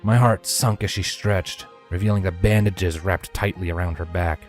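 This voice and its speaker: A man narrating a fanfiction story in measured first person, dropping to a hush for his own dialogue, with faint music behind. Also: low voice, fairly even intonation. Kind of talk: fanfiction audiobook reading.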